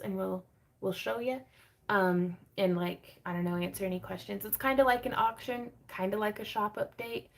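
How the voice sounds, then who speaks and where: A woman's voice: medium pitch, vocal fry, darkish tone. A woman, hosting a casual livestream sale from her home craft room, chatty and rambling, reading viewer comments and laughing often.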